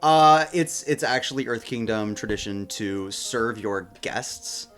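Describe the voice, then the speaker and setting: A man's voice: medium pitch, measured pace, fairly bright tone, soft background music. Playful man playing a tabletop game. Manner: playful, talkative, often in character. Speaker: player. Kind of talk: casual tabletop play.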